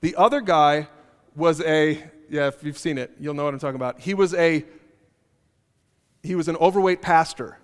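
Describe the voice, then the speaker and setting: Male pastor, high voice, animated and joking, conversational sermon, hall reverb. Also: normal speed, pauses often, smooth. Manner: animated storytelling with humor, repeats key phrases. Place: church auditorium.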